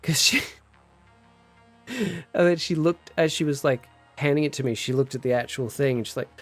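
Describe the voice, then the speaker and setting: While streaming a game, a young man chats casually, spins animated stories, and reads chat aloud. He has a fairly high-pitched voice at normal speed, and faint music plays behind him.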